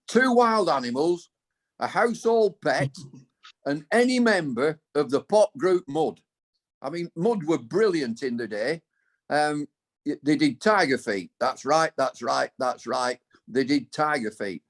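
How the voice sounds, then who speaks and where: An older man chatting casually as a podcast co-host, rambling through playful, tongue-in-cheek ideas. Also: on the high side. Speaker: co-host and cricket pundit. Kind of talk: casual chat.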